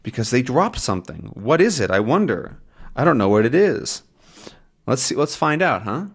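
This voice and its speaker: A man explaining the vocabulary of a comic to English learners, at an even middle pitch. He talks patiently and often checks in with "right?". His voice rises and falls a great deal. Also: moderate pace, vocal fry, breathy edge. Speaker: English teacher.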